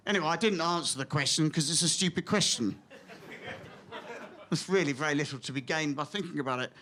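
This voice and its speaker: A man doing stand-up comedy on a theatre stage, excitable, with stammering restarts that drop into hushed asides. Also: on the high side, a little fast.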